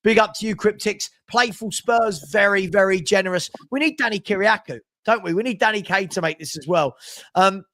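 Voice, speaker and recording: A man's voice: high voice, a little fast, no echo. A man hosting a fan live stream, reading out super chats and bantering with viewers. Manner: chatty, animated, banters with viewers.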